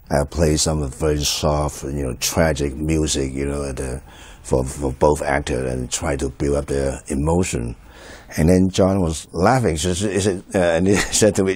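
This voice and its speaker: A film director talks through his movie in a low, deep voice, recorded dry and close. He is halting, full of fillers and restarts, and chuckles often as he recalls the set. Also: a little mellow, no room sound. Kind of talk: film commentary, recalling a shoot.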